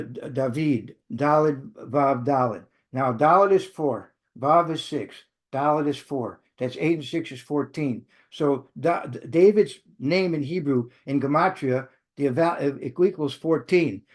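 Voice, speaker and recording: A man with a medium-pitched, darkish voice teaches a Bible study. He engages his listeners and checks in with them, often stumbling, restarting and correcting himself as he goes.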